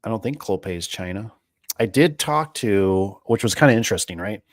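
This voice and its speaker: Casting note: a lower-voiced small-business owner, a man, talking off the cuff, folksy and rambling, close dry sound. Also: animated, moderate pace, no room sound. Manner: rambling, filler-heavy, folksy. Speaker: garage door business owner. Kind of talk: casual livestream chat.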